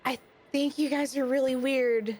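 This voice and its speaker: A woman's voice: high voice, steady tone, moderate pace, darkish tone. A woman voicing a jittery young woman adventurer who carries a cleaver, in a tabletop role-play, talking nervously and hesitantly.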